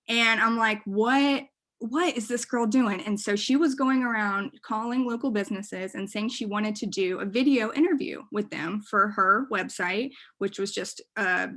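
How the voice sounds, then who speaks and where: A woman's voice: mid-range voice, a bit bright. A woman giving a casual presentation to a room, chatty and full of fillers and asides. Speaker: workshop speaker.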